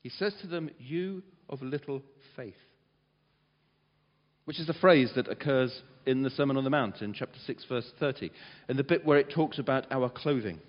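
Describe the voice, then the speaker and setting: Male preacher, animated storyteller, muffled recording with long hall reverb. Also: medium pitch, brisk. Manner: animated storyteller, dramatizes quotes loudly. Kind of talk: sermon.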